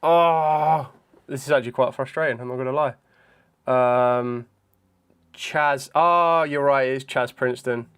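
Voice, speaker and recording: A young man chatting casually on a live stream, thinking out loud in a hesitant way with frequent ums. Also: medium pitch, fairly even intonation, a little slow, smooth. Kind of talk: casual live-stream chat during a trivia quiz.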